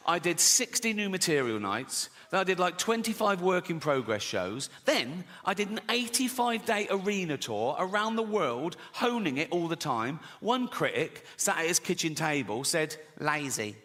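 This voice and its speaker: A man's voice: on the high side, big pitch swings, moderate pace, hardly any pauses, a bit bright. A middle-aged man doing a sweary stand-up routine, telling stories with constant "right?" tag questions. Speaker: stand-up comedian. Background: audience laughter.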